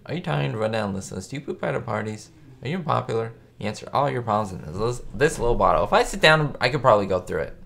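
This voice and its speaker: A man's voice: medium pitch, animated, fast talker, vocal fry, a bit bright. A young man hosting a casual live stream, answering viewer questions with chatty enthusiasm. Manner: chatty, enthusiastic, quotes show lines in put-on voices. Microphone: webcam or desk mic.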